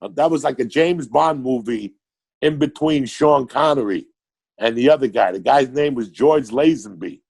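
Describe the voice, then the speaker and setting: Gravelly, profane New York storyteller man. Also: medium pitch, normal speed, a little mellow. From Cuba, raised in New York City. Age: older. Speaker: guest comedian. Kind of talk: casual podcast chat.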